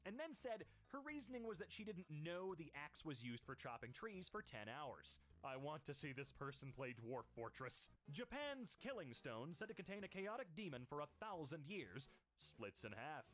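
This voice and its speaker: A man reading internet posts aloud for comedy, switching voices quickly between posters. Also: fairly high pitch, very animated, a bit bright. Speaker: host.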